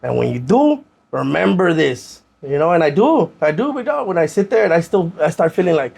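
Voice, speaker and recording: A man, a podcast guest casually telling his own story in animated slang and acting out what others said. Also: on the high side, a little fast, gravelly, breathy edge. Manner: animated, acts out other people's lines, heavy slang.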